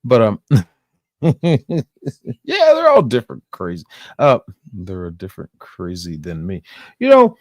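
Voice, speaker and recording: Slow-talking, profane streamer man. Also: on the low side, huge pitch swings, a little mellow, no echo. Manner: profane, rambling, laughs often. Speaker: live stream host. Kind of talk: casual reaction stream.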